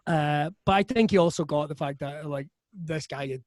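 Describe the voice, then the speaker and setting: A Scottish man, a comedian guest, telling stories in a profane, animated way on a podcast. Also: on the high side, normal speed, no room sound. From Scotland. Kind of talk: casual storytelling chat.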